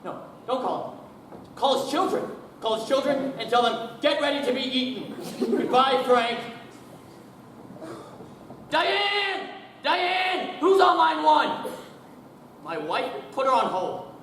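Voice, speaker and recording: A man's voice: extremely high pitch, lively intonation, moderate pace, fairly bright tone, a little hiss or hum. A young man playing a hot-tempered, bullying boss who rants and sneers down the phone during a humorous speech performance. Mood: blustering. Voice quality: ranting, bullying, sarcastic. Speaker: speech competition contestant. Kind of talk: humorous interpretation monologue. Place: school auditorium. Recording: echoey hall from far off.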